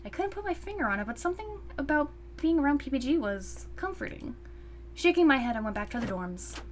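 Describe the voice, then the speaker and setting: A woman hosting her channel, reading a visual novel's narration aloud in an animated, expressive way. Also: high-pitched, brisk, noisy background.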